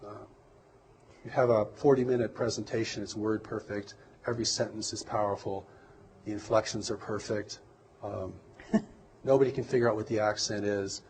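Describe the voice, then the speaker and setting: Male interview guest, low voice, slow and reflective delivery, faint noise floor. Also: steady tone, darkish tone, poor audio. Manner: measured, reflective, halting. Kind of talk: earnest interview conversation.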